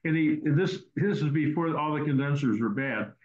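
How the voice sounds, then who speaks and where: A man's voice: on the high side, normal speed. A man hosting a casual question-and-answer teaching session over a video call, rambling and repeating words as he goes. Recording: roomy, dull online call audio.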